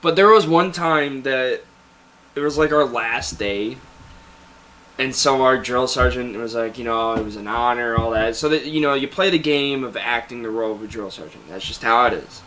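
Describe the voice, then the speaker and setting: A young man casually telling animated stories about basic training, often breaking into laughter. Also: mid-range voice, normal speed. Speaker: guest. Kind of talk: casual storytelling.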